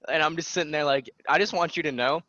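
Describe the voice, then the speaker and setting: A man's voice: a little high, fast, no echo, muffled recording. A young man chatting on a podcast, telling a story with lots of energy and acting out what people said. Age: young adult. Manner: animated storytelling, acts out quotes. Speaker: guest. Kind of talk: casual podcast chat.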